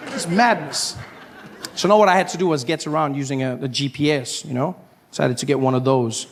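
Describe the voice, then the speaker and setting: A man from doing stand-up comedy, telling stories in an animated way and acting out scenes with loud outbursts. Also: fairly high pitch, brisk, a little hiss or hum. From South Africa.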